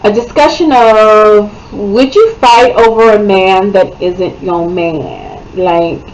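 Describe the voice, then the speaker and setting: A woman giving a casual, animated book review, chatty and often checking in with her listener. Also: medium pitch, takes it slowly, muffled recording, slight background noise. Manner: chatty, animated, keeps asking "okay?".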